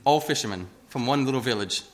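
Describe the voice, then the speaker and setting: A man's voice: mid-range voice, animated, fast. A man giving a casual, self-deprecating sermon into a lectern microphone in a church. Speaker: lay preacher. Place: church hall.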